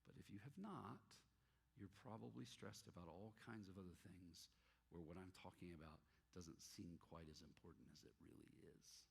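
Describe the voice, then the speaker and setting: A male pastor preaches in a husky, somewhat low voice, acting out the people in his stories. His voice rings out with a long hall reverb. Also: normal speed. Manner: animated storyteller, acts out dialogue. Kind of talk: sermon with storytelling.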